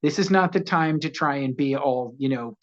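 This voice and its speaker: Man, 60s, guest storyteller; animated, laughs a lot, acts out voices; slightly muffled audio. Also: a little high, normal speed. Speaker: actor guest. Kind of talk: casual interview storytelling.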